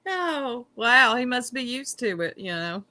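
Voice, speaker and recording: A woman's voice: fairly high pitch, sing-song, unhurried, sharp tone. A woman chatting in a laid-back way as a co-host on a casual livestream, laughing easily.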